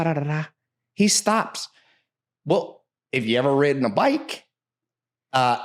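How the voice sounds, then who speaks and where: A man in casual podcast talk, telling brash, profane stories with sudden bursts of emphasis. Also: on the high side.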